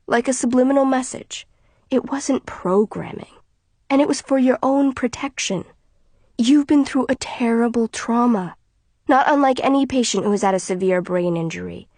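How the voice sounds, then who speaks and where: A father who speaks in a measured, reasoning tone that soothes while it controls, as a woman reads him. The voice stays fairly high, and the sound is dry. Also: a little mellow, no echo.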